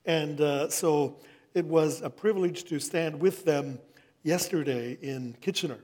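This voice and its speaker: A middle-aged man delivers a sermon to his congregation in a slightly high voice. His talk is measured and earnest, and he slows down when reading scripture aloud. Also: a little mellow. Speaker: pastor.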